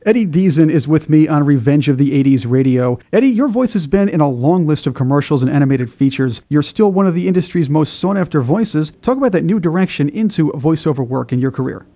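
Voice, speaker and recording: A man hosts a radio interview and works through his prepared questions in a friendly tone. His voice is mellow and a little high. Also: lively intonation, brisk, hardly any pauses. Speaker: radio show host.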